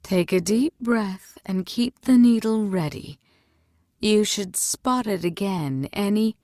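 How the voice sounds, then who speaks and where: A woman reading a storybook and voicing a calm, steady female healer who teaches in a low, quiet voice. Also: slow, dry recording, clean studio sound, close to an everyday voice.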